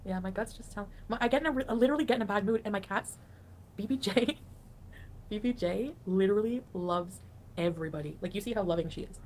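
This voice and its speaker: A woman's voice: mid-range voice, fast talker, a little mellow, a little hiss or hum. A woman talking to her livestream viewers from home, rambling and confiding. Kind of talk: casual livestream talk.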